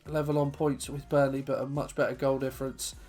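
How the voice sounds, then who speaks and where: A man's voice: mid-range voice, level tone, brisk, a little mellow, soft background music. A young man commentating his own football video game match as a channel host, then recapping the standings and signing off while out of breath.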